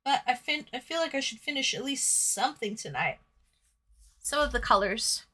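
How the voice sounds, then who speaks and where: Woman, livestreamer, casual chat while painting, bright tone, a bit high, jokey. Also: lively intonation, normal speed, husky. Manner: chatty, reads viewer comments aloud, crude jokes, giggly.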